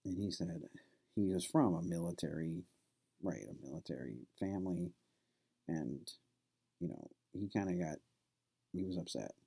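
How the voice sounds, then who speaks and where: A man's voice: low-pitched, moderate pace, creaky, long pauses, dark tone, husky. A man who is a college professor, talking casually to his class and telling a story, loose and conversational with plenty of fillers. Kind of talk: classroom lecture with anecdote.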